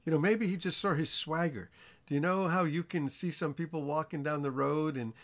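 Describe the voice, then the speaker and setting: A man teaching an informal Bible study sermon in a conversational way, asking his listeners questions and acting out the characters' lines. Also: fairly quick. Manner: animated storytelling, acts out the characters' lines with rising pitch.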